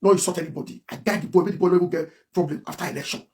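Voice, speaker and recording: A blogger with a Nigerian Pidgin English accent rants on a livestream, emphatic and repetitive. His voice is high-pitched and warm, and he talks very fast.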